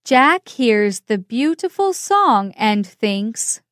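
A woman narrating a simple storybook in a clear, deliberate way for learners. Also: fairly high pitch, big pitch swings, a bit bright, dry recording, studio quality.

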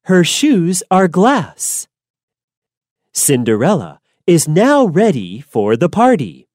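A woman narrating a simple storybook in a clear, deliberate way. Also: on the low side, huge pitch swings, darkish tone, no room sound, studio quality. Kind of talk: slow storybook reading for learners.

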